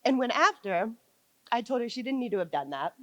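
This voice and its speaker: A woman at a wedding reception giving a heartfelt toast to her friend, laughing softly between lines. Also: fairly high pitch, sing-song, a little fast, dry recording, low-quality recording.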